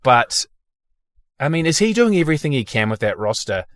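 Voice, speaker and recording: A man's voice: medium pitch, sing-song, a little fast, a bit bright, no room sound. An Australian man hosting a casual sports podcast, blunt and sweary with strong opinions. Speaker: podcast host.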